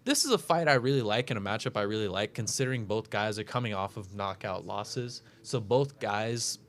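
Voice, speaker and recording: A man's voice: fairly low pitch, brisk, a bit bright. A man hosting a casual talk show, breaking down upcoming fights with lots of fillers and self-corrections. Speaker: podcast host making fight picks.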